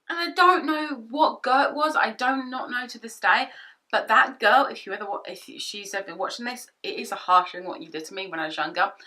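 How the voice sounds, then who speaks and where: Bright young woman telling a storytime. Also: medium pitch. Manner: chatty, animated retelling with quoted asides. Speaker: vlogger. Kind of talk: storytime vlog. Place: home office. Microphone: camera-mounted shotgun mic.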